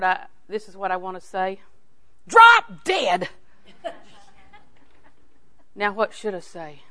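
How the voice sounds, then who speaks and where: An older woman teaching a sermon on scripture in a folksy, animated way, swinging between loud emphasis and hushed asides. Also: mid-range voice. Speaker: Bible teacher.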